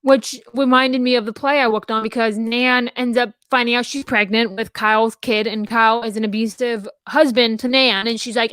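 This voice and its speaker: Young woman chatting on a podcast, kinda high voice, lots of restarts, dry close mic. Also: steady tone, moderate pace, few pauses, fairly bright tone, no echo. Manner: rambling, with frequent restarts and fillers. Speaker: podcast co-host and theater dramaturg. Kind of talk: casual chat.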